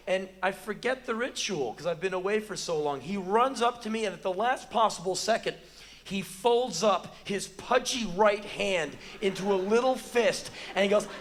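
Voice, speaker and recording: An American man in his forties telling a profane, animated story as live spoken word on a theater stage, bursting into shouts now and then. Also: high-pitched, normal speed. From United States. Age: 40s.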